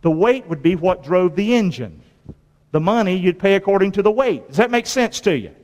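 High-voiced male preacher in a reverberant hall. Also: moderate pace. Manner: animated call-and-response questions to listeners; colloquial, repeating phrases for emphasis. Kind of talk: sermon to a congregation. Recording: long reverb of a large hall.

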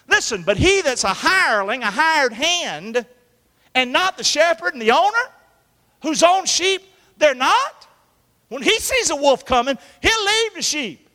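A man's voice: very high-pitched, pushed and bright. A man preaching a folksy sermon in church, calling out to the congregation and acting out quotes. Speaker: pastor. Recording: echoey hall.

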